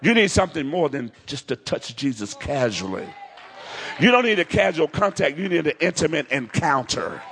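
A man's voice: on the high side, sing-song, moderate pace, creaky, a crowd in the background, background noise. A man preaching a revival sermon at a large crusade, acting out the dialogue of the story he tells.

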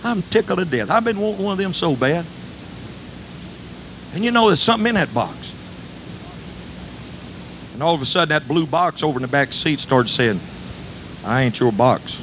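An older man preaches in a drawl, his voice sitting a touch high as he spins a folksy, animated tale. A faint hiss and low rumble run under the recording. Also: normal speed, pauses often. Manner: folksy, animated storytelling with dialect. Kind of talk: storytelling sermon.

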